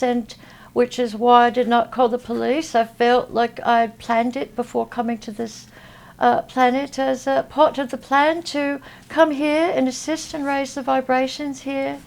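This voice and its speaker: A woman from Texas, a guest in an interview, talking in a halting way with many fillers. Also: on the high side, creaky, darkish tone. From Texas, USA. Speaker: interview guest, spiritual healer. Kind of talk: casual interview talk. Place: at a convention.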